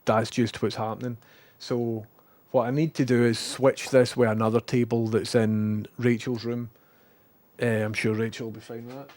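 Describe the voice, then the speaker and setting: A Scottish man streaming from his room at home, chatting casually and talking to his dogs. He switches between a high sing-song voice for the dogs and low muttered asides. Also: little pitch movement, normal speed, a little mellow.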